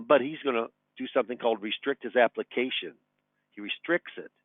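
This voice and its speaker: Folksy older male advisor, 60s, mid pitch, dry phone-like webinar sound. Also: brisk, no room sound. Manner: folksy, chatty, tells anecdotes and chuckles. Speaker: retirement advisor. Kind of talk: webinar teaching. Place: his office.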